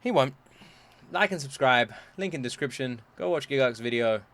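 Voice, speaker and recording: A man ranting in a reaction video, exasperated and swearing, swinging between loud outbursts and low mumbling. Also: animated, moderate pace. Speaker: YouTube reactor.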